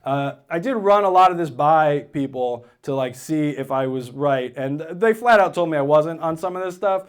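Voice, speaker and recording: A man's voice: a little high, lively intonation, moderate pace, smooth. A man in his thirties doing stand-up comedy on stage, telling a story in a conversational way and quoting people as he goes. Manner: conversational storytelling with quoted asides.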